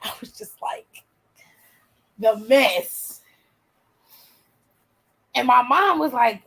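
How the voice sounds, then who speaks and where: A woman in her forties, host, telling a story in casual chat, animated and profane, laughing often. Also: fairly high pitch, drawn-out words, gravelly, long pauses, low-quality recording.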